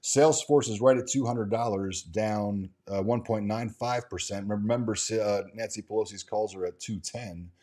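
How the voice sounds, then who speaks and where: A man with a low, mellow voice runs through news and market figures like a casual commentator. He reads quoted passages aloud, then cuts in with offhand remarks, restarting his sentences and tossing in fillers as he goes. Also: normal speed, few pauses. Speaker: host of a stock market show. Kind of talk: casual commentary reading from articles and market screens.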